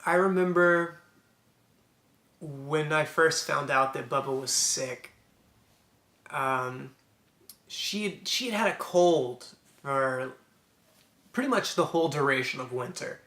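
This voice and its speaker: A man's voice: on the high side, slow pace, pauses often, sharp tone. A young man telling a personal story to camera, rambling and reflective with frequent restarts. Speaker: vlogger. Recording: echoey room.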